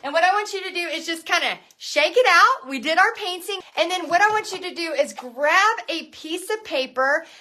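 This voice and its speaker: A woman's voice: very high voice, lively intonation, moderate pace, hardly any pauses, bright, forceful tone. A woman hosting a live painting lesson and business coaching session, chatting in a bubbly, gushing way.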